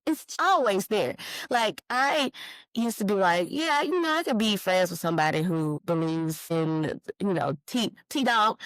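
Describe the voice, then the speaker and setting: A woman hosting a podcast, talking in a rambling, profane, animated solo monologue full of emphatic rhetorical questions. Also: mid-range voice, dry recording, rough recording. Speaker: podcast host.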